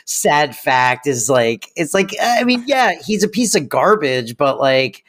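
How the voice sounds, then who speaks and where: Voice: medium pitch, big pitch swings, measured pace, a bit bright. A podcast co-host chatting casually and candidly, swearing freely and laughing often. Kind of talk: casual chat.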